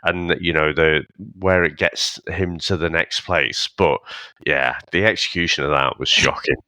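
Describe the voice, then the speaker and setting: Deep, bright-toned man. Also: fairly even intonation, unhurried, dry recording. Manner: chatty, laughing, mild swearing. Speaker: podcast co-host. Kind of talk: casual film chat.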